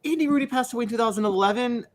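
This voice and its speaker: A man's voice: extremely high pitch, rapid-fire. A man in his thirties co-hosting a sports radio show, teasing his partner and hesitating when recalling things. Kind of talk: casual radio chat.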